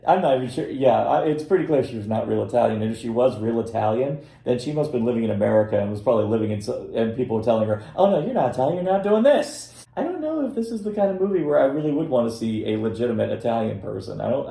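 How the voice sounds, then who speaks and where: Gravelly man rambling in an echoey room. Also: medium pitch, expressive, racing, hardly any pauses, dark tone. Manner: rambling, many restarts. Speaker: podcast co-host reviewing films. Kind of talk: casual chat.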